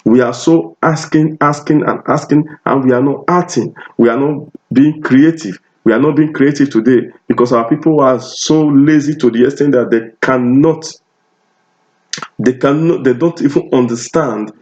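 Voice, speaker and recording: A man's voice: medium pitch, normal speed, a little mellow. A Nigerian man with a Nigerian accent preaching a sermon, emphatic and repetitive, often restarting his phrases. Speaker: pastor. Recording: dull lo-fi recording.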